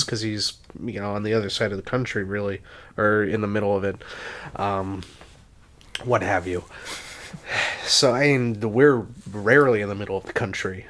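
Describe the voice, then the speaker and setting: A man's voice: on the low side, fairly bright tone. A man co-hosting a casual podcast, talking reflectively and hesitantly with many restarts. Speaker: podcast co-host. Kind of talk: casual chat.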